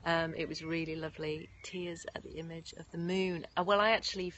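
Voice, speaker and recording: A woman's voice: on the low side, steady tone, a little fast, fairly bright tone, slight background noise. Effusive woman, faint outdoor sounds. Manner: effusive, thanking viewers by name, laughing often. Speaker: yoga nidra teacher. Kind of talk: live-stream chat after a guided meditation. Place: outdoors in nature. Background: faint birds and distant sirens.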